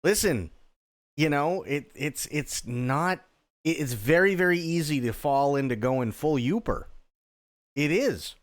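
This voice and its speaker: A man's voice: on the high side, lively intonation, measured pace. A man livestreaming a game, chatting casually and rambling, with restarts and casual swearing.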